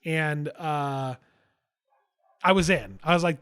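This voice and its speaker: A man's voice: on the high side, lively intonation, slow pace, fairly bright tone, smooth. A man co-hosting a podcast, chatting casually about a film in a loose way, swearing and restarting his sentences. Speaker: podcast co-host. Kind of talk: casual movie review chat.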